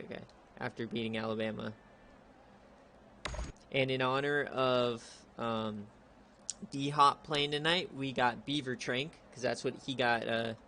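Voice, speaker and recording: A young man giving laid-back play-by-play commentary on a streamed video game, chatty and prone to excited outbursts. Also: medium pitch, slight background noise. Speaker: league streamer.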